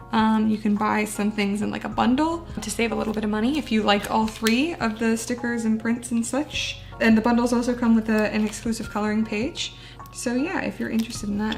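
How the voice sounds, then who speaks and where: A booktuber chats casually while decorating a journal page, laughing often and poking fun at herself. Her voice is fairly high and gravelly.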